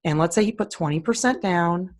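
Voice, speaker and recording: A woman with a low-pitched voice talks casually and bluntly. She walks through listings on screen, opinionated and plain-spoken. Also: fairly quick. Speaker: co-host. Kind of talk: casual screen-share commentary.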